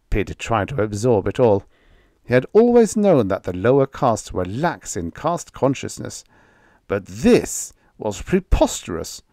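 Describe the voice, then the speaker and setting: Expressive male audiobook narrator. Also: lowish voice, measured pace, no room sound, studio quality.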